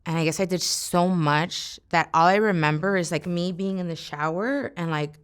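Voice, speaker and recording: A woman's voice: on the low side, normal speed, clear, resonant tone. A young woman from the Los Angeles area, telling her own story as an interviewee in a casual, profane way, full of "like". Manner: casual, profane, heavy use of "like". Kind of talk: candid personal storytelling.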